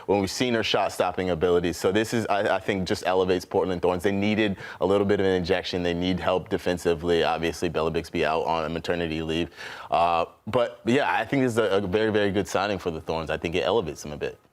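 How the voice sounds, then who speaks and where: Deep-voiced man, emphatic soccer analyst. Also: fast talker. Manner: emphatic, repeats words and restarts often. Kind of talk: sports panel discussion.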